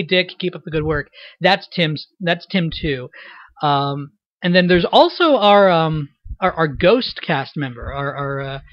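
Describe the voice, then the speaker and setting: A man's voice: a little high, dry recording, dull audio. A young man giving a loose, rambling commentary, full of fillers and restarts, about the cast of a fan voice project. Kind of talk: unscripted spoken commentary.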